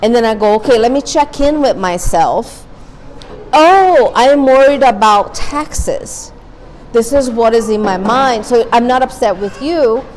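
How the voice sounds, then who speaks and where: A woman's voice: a little high, normal speed, few pauses, a little mellow, slight background noise, low-quality recording. A woman therapist giving an earnest, candid talk to a parent support group, repeating her key points. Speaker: guest speaker, therapist. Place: meeting room.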